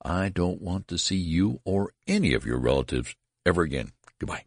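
A man's voice: sits low, animated, slow pace, no echo, studio quality, heavily acted. A man voicing an irritated elderly family doctor who speaks sharply and cuttingly.

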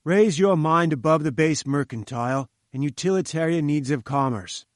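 A man's voice: fairly high pitch, normal speed, no room sound, studio quality, close to an everyday voice. A man reading as a haughty, imperious old scientist. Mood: angry, lofty. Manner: commanding, dismissive, grandly emphatic. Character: imperious domineering male scientist, older, bearded. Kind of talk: audiobook character reading.

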